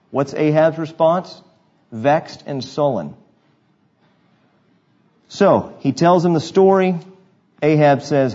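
A man with a husky, slightly breathy voice preaches a sermon, moving between scripture reading and conversational asides. He keeps asking his congregation rhetorical questions. The recording sounds dull and lo-fi. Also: fairly high pitch, warm tone. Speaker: pastor. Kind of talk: expository sermon.

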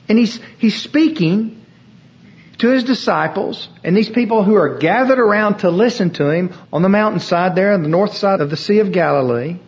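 A man's voice: high voice, expressive, normal speed, dull audio. A man preaching a sermon as pastor, with an emphatic, repetitive cadence.

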